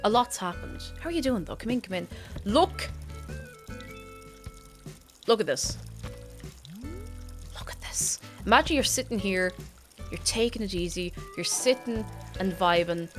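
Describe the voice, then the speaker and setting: A woman streaming a video game, chatting casually and gushing, often dropping into excited whispers. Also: mid-range voice, normal speed, long pauses, soft background music.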